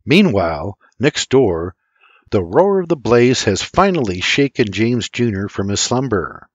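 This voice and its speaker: A man's voice: on the low side, big pitch swings, a little slow, slightly rough, no echo, dull audio. An older man reading an audiobook with intense, dramatic storytelling. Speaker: audiobook narrator. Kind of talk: scripted dramatic audiobook narration.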